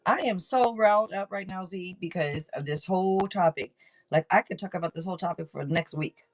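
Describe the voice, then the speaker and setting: A woman hosting a live tarot reading stream, talking in an excitable, rambling way and swearing casually. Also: fairly low pitch, a little fast, rough recording.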